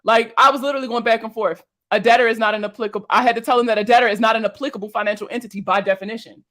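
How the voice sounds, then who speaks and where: A woman's voice: fairly high pitch, fairly even intonation, racing, fairly bright tone. A young woman, a finance creator, reacting to viewer comments in casual talk, blunt and exasperated, swearing and firing off rhetorical questions.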